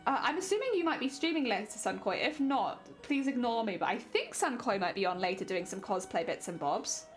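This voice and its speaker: A woman's voice: fairly high pitch, big pitch swings, brisk. Young woman, playful streamer chat, giggly, faint background music. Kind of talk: casual chat with viewers while crafting.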